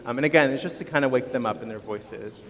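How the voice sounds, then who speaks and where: A man, a choir teacher, leading vocal warm-ups at a school concert in an upbeat, encouraging, instructive way. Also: medium pitch, quick pace. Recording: long hall reverb with audience.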